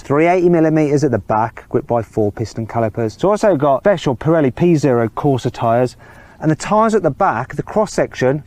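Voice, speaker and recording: A man presenting a car review, talking with enthusiasm and exclaiming as he drives. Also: mid-range voice. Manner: enthusiastic, exclaims and laughs while driving. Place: in and around a sports car. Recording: loud engine and road noise.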